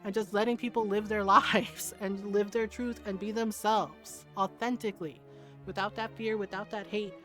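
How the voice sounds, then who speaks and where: A woman's voice: mid-range voice, fairly even intonation, normal speed, fairly bright tone, faint music behind. A woman in her forties streaming a game, talking with her chat in a frank, heated way, swearing freely and laughing often. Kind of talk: casual livestream chat.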